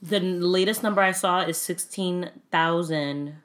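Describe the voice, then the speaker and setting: A woman's voice: lowish voice, a little slow, a bit bright. A woman hosting a podcast, talking casually with a guest and acting out the quotes she tells. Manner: chatty, laughs while talking, acts out quotes. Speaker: podcast host. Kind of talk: casual conversation.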